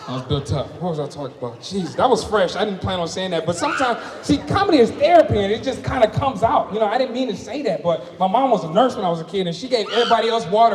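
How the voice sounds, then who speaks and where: A man performing a stand-up comedy set, punchy and animated, tossing rhetorical asides to the audience. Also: high voice, fast, few pauses. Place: comedy festival stage before a live audience. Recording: echoey hall, crowd laughing.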